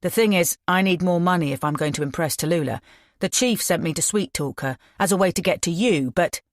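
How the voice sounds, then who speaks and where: A nervous young man bluffing, careful and deliberate words, read by a woman. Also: lowish voice, no echo, clean studio sound, lightly acted. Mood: pleading.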